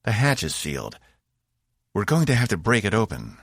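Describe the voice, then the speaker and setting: A man's voice: fairly low pitch, wildly swooping pitch, moderate pace, fairly bright tone, no echo, studio quality, voice pushed up, exaggerated voice. A man voicing an anxious young female pilot who reports urgently, in an audiobook. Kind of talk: audiobook character voice.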